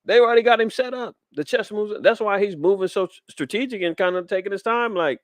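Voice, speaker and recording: A man's voice: sits high, quick pace, few pauses, no echo, studio quality. A man, preaching fiery commentary on the news in street slang. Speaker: podcast host.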